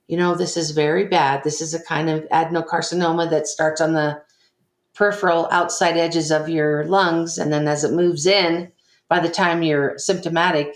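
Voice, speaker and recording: Older woman, guest. Earnest storyteller, lower pitch, echoey room. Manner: earnest, emotional retelling with quoted dialogue. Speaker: interview guest. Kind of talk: personal storytelling.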